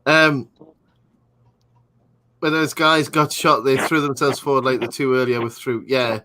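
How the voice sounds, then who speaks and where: A man's voice: medium pitch, little pitch movement, measured pace, bright, forceful tone, a little hiss or hum, low-quality recording. A man hosting a live movie-watch commentary in a casual, jokey way, trailing off with fillers as he talks over the film.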